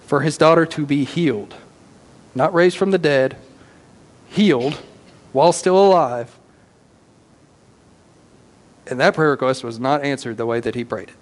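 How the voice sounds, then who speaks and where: High-voiced preacher. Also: male voice, big-room sound. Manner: animated storytelling with casual slang. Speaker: pastor. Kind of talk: sermon.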